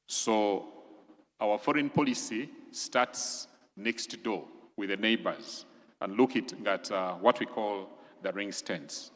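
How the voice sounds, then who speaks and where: A man from Uganda, a government official giving a formal, measured briefing to legislators and listing items one by one. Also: lowish voice. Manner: measured, explanatory, lists items deliberately. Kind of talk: formal presentation. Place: large conference hall. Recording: long reverb of a large hall.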